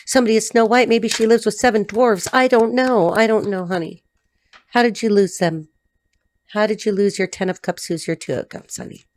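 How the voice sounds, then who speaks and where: A woman giving a casual tarot reading, blunt and excitable, swearing and talking straight to the cards. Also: medium pitch, brisk. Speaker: tarot reader. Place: dim room indoors.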